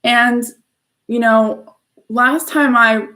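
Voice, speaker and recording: A woman's voice: a little high, fairly even intonation, drawn-out words, pushed and bright. A woman hosting a live show, telling a story in an earnest, effusive, casual way. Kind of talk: casual spiritual live-stream talk.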